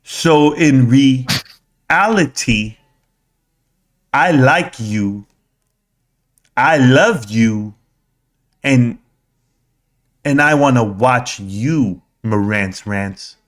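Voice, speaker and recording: A man doing an impression of a young male viewer who talks tough but affectionately, in a very slow, drawn-out delivery. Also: medium pitch. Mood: drawling.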